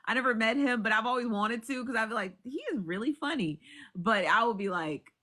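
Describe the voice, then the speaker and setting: A woman's voice: fairly high pitch, fairly quick, sharp tone. A woman chatting casually on a live stream, swearing freely, repeating herself and often breaking into laughter. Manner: profane, repetitive, laughs often.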